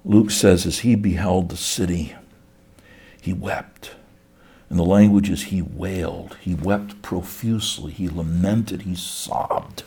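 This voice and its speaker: A man's voice: low voice, fairly even intonation, takes it slowly, creaky, warm tone, breathy edge. A middle-aged man preaching a sermon as pastor, earnest, often repeating words as he builds a point.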